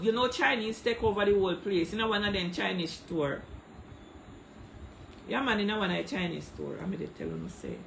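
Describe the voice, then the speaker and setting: A woman's voice: medium pitch, sing-song, moderate pace, gravelly, a little hiss or hum, low-quality recording. A middle-aged woman with a Jamaican accent, speaking Patois in a heated, tearful livestream rant, calling out viewers by name into a phone. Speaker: social media livestreamer.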